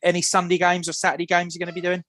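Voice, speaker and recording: A man's voice: sits high, monotone, very fast, a bit bright, a little hiss or hum. A man hosting a casual radio football show, asking loose questions full of "obviously" and "um".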